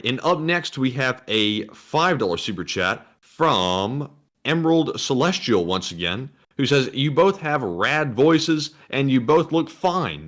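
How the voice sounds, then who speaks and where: Man, monotone, reading viewer super chats, mid pitch. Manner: flat, monotone delivery. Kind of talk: casual live-stream chat.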